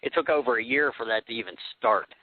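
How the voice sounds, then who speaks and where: A man's voice: medium pitch, fast talker. A man who is a singer, telling easygoing stories in a casual talk-radio chat. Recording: tinny phone-like radio audio.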